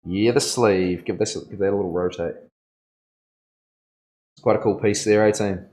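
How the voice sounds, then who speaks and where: Picture a tattoo artist mid-session, talking to his live-stream audience in an easy, loose, rambling way. He is a man with a fairly low voice who throws in a lot of "bro" and laughs easily. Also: steady tone, moderate pace, a little mellow. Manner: laid-back and rambling, calls viewers bro, laughs often. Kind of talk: casual live-stream chat while working. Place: tattoo studio.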